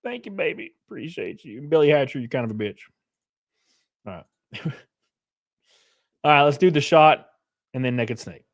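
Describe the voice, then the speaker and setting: A man's voice: fairly high pitch, animated, normal speed, long pauses. Loose, swearing male streamer. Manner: loose, swearing, shouts out chatters. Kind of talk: casual live-stream chat.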